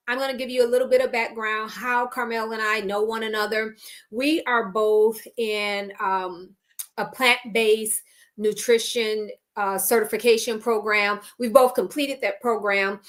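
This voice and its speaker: A woman's voice: mid-range voice, a bit bright. An American woman hosting an interview podcast, bubbly and effusive, laughing often. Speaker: podcast host. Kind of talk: upbeat interview chat.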